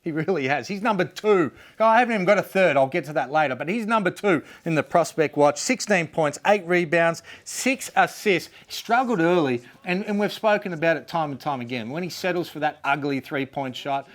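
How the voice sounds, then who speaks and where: A man's voice: on the high side, brisk, few pauses, fairly bright tone. A man co-hosting a basketball chat show, enthusiastic and opinionated. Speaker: co-host. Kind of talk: casual sports chat.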